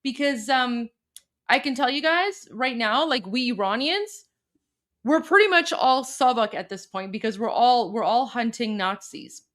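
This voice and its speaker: A woman's voice: on the high side, animated, measured pace, fairly bright tone. A woman hosting live commentary, translating a clip for viewers, emphatic and full of repeated words and fillers. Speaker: host.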